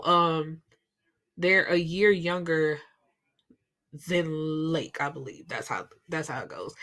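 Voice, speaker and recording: A young woman casually recapping a book, chatty and profane, with animated storytelling. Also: on the low side. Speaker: book reviewer.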